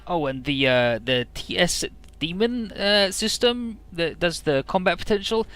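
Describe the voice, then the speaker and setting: A man's voice: medium pitch, expressive, slow pace, fairly bright tone, smooth, soft background music. A man hosting a let's play, casually retelling game dialogue in a rambling, offhand way.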